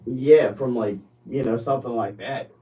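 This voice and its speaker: A man on a casual podcast chat who stops and restarts his sentences, often breaking into higher, louder bursts. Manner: halting, restarts a lot, rising animated. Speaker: podcast co-host. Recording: distant from the mic, dull lo-fi.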